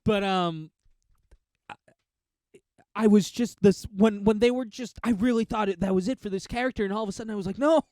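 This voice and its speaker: Young male co-host, high-pitched, lively, laughs a lot, does quick voices. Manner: animated, laughs often, breaks into impressions. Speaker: podcast co-host. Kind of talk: casual chat.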